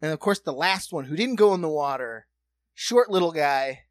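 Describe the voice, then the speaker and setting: A man co-hosting a podcast, telling a story in casual chat and acting out the voices and shouts of the people in it. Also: a little high, lively intonation, normal speed, no echo. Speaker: podcast co-host.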